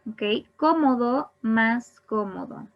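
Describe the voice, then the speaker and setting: Very slow, patient woman teacher. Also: a little high, muffled recording. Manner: repeats each word, then gives the Spanish. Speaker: English teacher. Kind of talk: slow bilingual grammar lesson.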